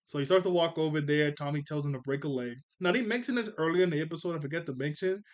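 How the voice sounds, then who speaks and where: A man's voice: a little high, fast. A man in his twenties casually reviewing a cartoon episode, rambling and often correcting himself. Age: 20s. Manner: rambling, laid-back, self-correcting.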